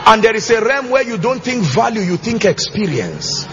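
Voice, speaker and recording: A pastor preaching to his church, emphatic and sing-song, with shouted bursts and call-and-response questions. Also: high-pitched, big pitch swings, normal speed, background noise. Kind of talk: sermon. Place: church auditorium with congregation. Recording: slightly muffled church recording, faint music.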